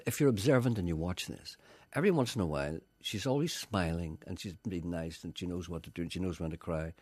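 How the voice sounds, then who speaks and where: An older radio presenter, rambling through stories and leaning on "you see". His voice sits low but swings widely in pitch, and he talks fast with a husky edge. The sound is close and dry. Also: darkish tone, dry recording. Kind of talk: casual chat.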